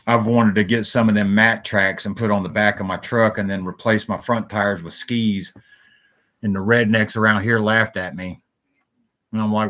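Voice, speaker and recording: A man's voice: on the low side, fairly even intonation, normal speed, fairly bright tone. A man hosting a solo talk show, rambling and jumping between stories, swearing freely.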